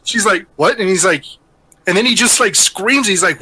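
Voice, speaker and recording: A man with a bright, somewhat high voice co-hosting a podcast. He tells stories in a relaxed, rambling manner. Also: normal speed, husky. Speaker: podcast co-host. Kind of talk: casual chat, storytelling.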